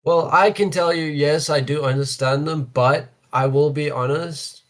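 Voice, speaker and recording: A South African man co-hosting a casual podcast, talking in an animated, opinionated way and leaning on "like" and "look" as he makes his points. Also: a little high, unhurried, rough recording. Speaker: podcast co-host.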